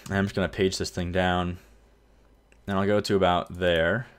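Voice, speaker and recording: A man's voice: deep voice, normal speed, clean tone. A man casually commenting while playing a city-building game, rambling and correcting himself as he goes. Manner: relaxed, rambling, self-correcting. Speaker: gameplay video host. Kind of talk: casual let's-play commentary.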